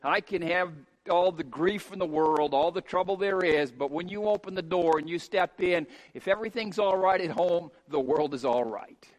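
A middle-aged man preaching a sermon as a pastor, emphatic and rising to shouts on key points. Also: sits high, normal speed. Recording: long hall reverb.

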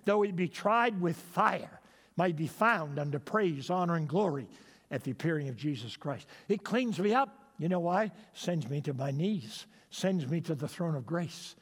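A man's voice: fairly high pitch, lively intonation, normal speed, slightly rough, big-room sound. A man preaching a sermon, emphatic and repetitive, asking his listeners rhetorical questions.

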